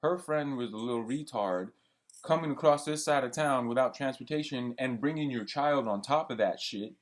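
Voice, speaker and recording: A young man ranting in a heated, profane, rambling monologue. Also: medium pitch. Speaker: vlogger. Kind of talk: venting monologue.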